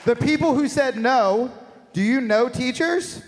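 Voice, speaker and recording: A man performing a stand-up comedy set on stage, with profane, shouting rants and rapid asides. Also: very high-pitched, some chatter behind. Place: live venue on stage.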